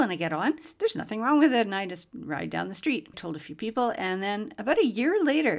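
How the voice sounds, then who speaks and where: A woman hosting a faith podcast, telling a personal story in a lively way and laughing often. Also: on the low side, gravelly. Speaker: podcast host.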